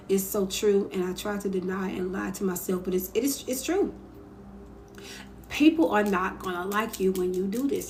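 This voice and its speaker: A woman's voice: mid-range voice, slight background noise. Candid woman hosting a live stream. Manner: candid, emphatic, reads viewer comments aloud. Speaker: live-stream host giving advice. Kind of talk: casual live-stream advice talk.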